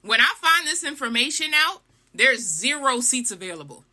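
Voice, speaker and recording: Young woman, storytime vlogger, animated dramatic telling, talks to viewers, very bright voice. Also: high voice, normal speed. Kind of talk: storytime vlog.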